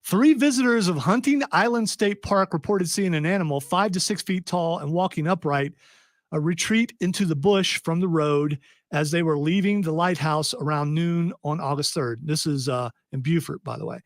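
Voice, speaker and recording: A man's voice: a little high, normal speed, no room sound, clean studio sound. A man hosting a casual podcast, reading a news story aloud with wry, joking asides. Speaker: podcast host.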